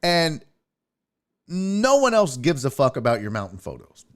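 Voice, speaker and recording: A young man tells stories from his trip in a loose, casual way, swearing freely and acting out the people in them. His voice sits a little high and swings widely up and down as he talks. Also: unhurried. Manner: profane, animated, acts out quotes. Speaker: podcast host. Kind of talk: casual storytelling.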